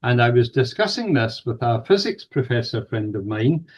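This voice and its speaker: An older Scottish man tells a long personal story as an interview guest, pausing on fillers and starting phrases over. His voice sits at an ordinary mid pitch for a man. The audio is slightly dull and lo-fi. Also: sing-song, slightly rough. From Scotland. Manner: hesitant fillers and restarts while recounting dialogue. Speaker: guest, paranormal researcher. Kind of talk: anecdotal storytelling in conversation.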